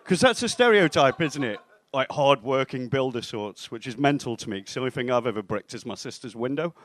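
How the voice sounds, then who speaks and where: A young man delivers a stand-up set on a club stage, deadpan and self-mocking, slipping into bits of dialogue as he goes. His voice sits in a mid range and comes through a handheld mic that sounds dry and close. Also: mid-range voice, fairly quick, no echo. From England (Stoke-on-Trent). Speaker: stand-up comedian.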